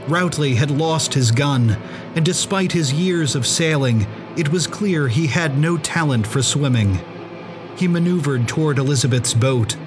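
A male narrator reads a suspense story in slow, measured audiobook style. His pitch sits at an ordinary middle. Clear music plays beneath the reading throughout.

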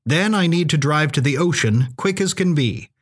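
Man reading a no-nonsense young woman, brisk and businessy. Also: a little high, expressive. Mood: businesslike.

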